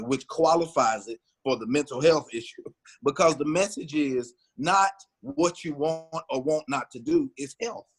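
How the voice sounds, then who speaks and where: A man's voice: a little high, breathy edge. A man in a casual group podcast chat, explaining his point in a reflective way.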